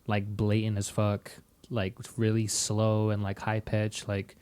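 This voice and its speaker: A man's voice: fairly low pitch, completely flat delivery, a little slow, darkish tone, smooth, no echo. A young man co-hosting a podcast, talking in a laid-back, slangy casual way. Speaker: podcast co-host. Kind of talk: casual chat.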